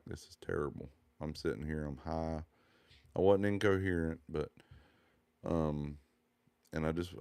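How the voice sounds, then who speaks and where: A man's voice: rumbling low, gravelly, darkish tone, dry recording. A man, telling his personal testimony in an earnest, heartfelt, rambling way.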